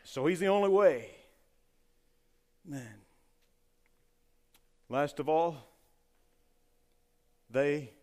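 A man preaching a sermon with fervor, rising loud and dropping to a hush. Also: on the high side. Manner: fervent preaching, swings between loud and hushed. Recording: long hall reverb.

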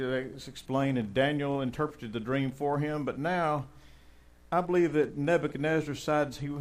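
A male pastor delivering a sermon, shifting between relaxed asides and fervent, emphatic passages. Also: mid-range voice. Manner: conversational preaching that swells into fervent emphasis.

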